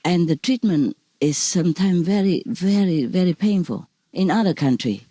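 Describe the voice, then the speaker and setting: A woman spiritual teacher talks over a video call in a low, mellow voice. Her delivery is dry and close, with no room sound. She tells stories in halting non-native phrasing, repeating herself and laughing often. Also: expressive, dry recording. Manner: warm, repetitive storytelling with frequent laughs.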